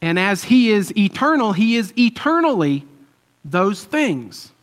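A man's voice: sits high, big pitch swings, a little slow. A man preaching a conversational sermon, telling a story loosely with fillers and chuckles. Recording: long hall reverb.

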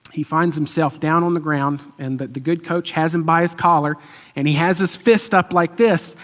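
Chatty preacher with a slightly high voice. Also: male voice, fairly bright tone. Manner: chatty storytelling with fillers and chuckles. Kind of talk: conversational sermon. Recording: long hall reverb.

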